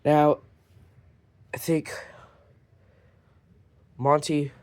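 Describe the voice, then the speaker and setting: A man's voice: fairly high pitch, little pitch movement, drawn-out words, a little mellow, clear, resonant tone, no echo. A man from Ireland showing off his toy collection in a casual, rambling way, with many fillers and some near-whispered asides. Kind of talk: casual collection show-and-tell.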